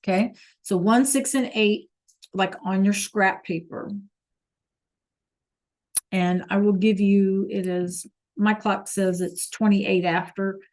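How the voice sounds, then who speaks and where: A woman's voice: medium pitch, fairly even intonation, slow, a little mellow. A woman teaching a Spanish class over a video call, patient and checking in often with the students.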